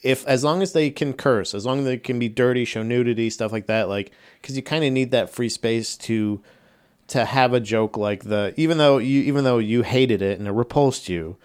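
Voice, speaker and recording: Male podcast co-host, mid-pitched, jokey and meandering. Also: normal speed, clear, resonant tone. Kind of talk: casual movie discussion.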